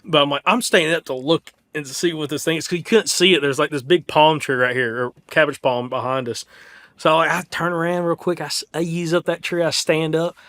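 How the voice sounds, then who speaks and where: A man's voice: a little high, brisk. Young Southern man telling a hunting story. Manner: animated storyteller, lots of "like" and restarts. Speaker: podcast co-host. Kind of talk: casual storytelling chat.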